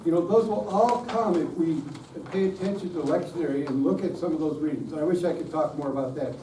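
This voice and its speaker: A middle-aged man talks fairly quickly in a mellow, slightly high voice during a worship conference session. Self-deprecating, he jokes with listeners and pokes fun at himself, and the roomy recording comes from a distant mic with faint hiss.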